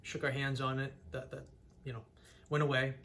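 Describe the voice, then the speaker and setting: A man speaking to camera about his own experiences, earnest and plain-spoken. His voice sits at an ordinary middle pitch, and he often trips over and restarts his sentences as he goes. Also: level tone, normal speed, fairly bright tone. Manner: earnest, frequent restarts, rising to heated when recounting anger. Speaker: vlogger sharing his mental health story. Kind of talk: candid personal storytelling to camera.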